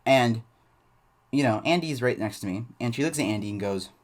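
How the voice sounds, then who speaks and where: A man's voice: mid-range voice, expressive, a little fast. A man tells a school story in a loose, rambling storytime way. He fills his sentences with restarts and fillers as he goes. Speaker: channel host. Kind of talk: casual storytime.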